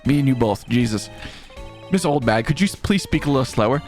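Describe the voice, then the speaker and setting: A man's voice: medium pitch, expressive, fairly quick, darkish tone, soft background music. A man reading and voicing a game aloud with wry asides. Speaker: let's play voice actor. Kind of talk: voiced game playthrough with banter.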